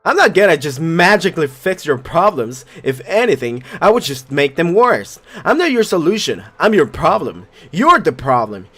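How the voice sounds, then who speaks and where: A man reading a game's cruel blind date, a harsh inner voice, in a slow, cutting, theatrical way. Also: fairly high pitch, sing-song, a bit bright.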